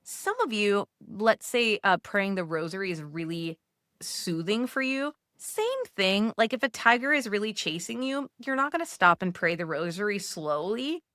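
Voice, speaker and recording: A sing-song, medium-pitched woman talks at a moderate pace in a clean studio setting with no echo. Her casual teaching talk walks Catholic mothers through steps, gently coaching in a conversational way filled with "like."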